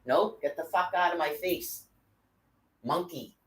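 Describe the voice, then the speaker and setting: A woman's voice: fairly low pitch, unhurried, rough recording. A woman delivering an angry, profane rant, cursing constantly and hurling threats.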